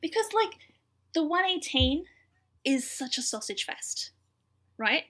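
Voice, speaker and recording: A woman's voice: sits high, big pitch swings, slow pace, bright, forceful tone, a little hiss or hum. A young adult woman co-hosting a podcast, chatting through an episode recap with lots of fillers. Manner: chatty storyteller, frequent fillers. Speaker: podcast co-host. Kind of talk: casual episode recap chat.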